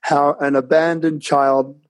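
A man from London with a London accent mixed with Australian, telling his life story as a guest on an interview show over a remote call, relaxed and laughing often. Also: a little high, slow, dry recording, rough recording. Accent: London English mixed with Australian. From London, England. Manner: relaxed, laughs often, many fillers and restarts. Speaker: guest author. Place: home in Bali, remote call.

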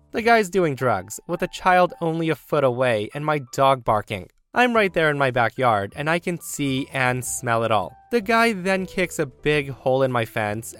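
Male story narrator with a smooth, clear voice and mid-range pitch, over faint background music. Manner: storytelling with emphatic swings in pitch and loudness. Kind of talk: reading a first-person revenge story.

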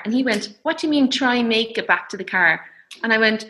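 A woman's voice: a little high, normal speed, sharp tone. An Irish woman in her thirties telling a personal story in casual chat, laughing often and acting out what others said. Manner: chatty, laughs often, acts out quoted voices.

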